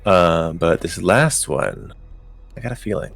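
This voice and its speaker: A man's voice: low voice, expressive, measured pace, vocal fry, fairly bright tone, soft background music. A man running a tabletop game as game master, casual and hesitant, with many ums and easy laughs.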